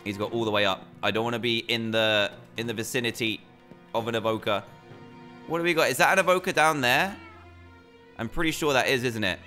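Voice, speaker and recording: A young British man giving excitable commentary while playing a game. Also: mid-range voice, brisk, soft background music. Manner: excitable, animated reactions. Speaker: gaming YouTuber. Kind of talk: gameplay commentary.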